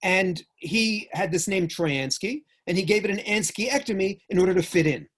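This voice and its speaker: An older man from New York with a New York accent, giving a joking, animated talk with sudden jumps in loudness. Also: high-pitched, moderate pace, breathy edge. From United States. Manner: animated storyteller, jokey, swings between loud and soft. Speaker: speaker. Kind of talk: lecture talk.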